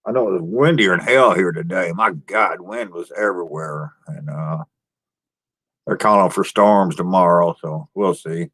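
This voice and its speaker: A man hosting a casual live stream, greeting viewers one by one and chatting about his day in a relaxed, folksy way with frequent sighs. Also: sits low, moderate pace, husky. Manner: homespun rural speech. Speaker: livestream host.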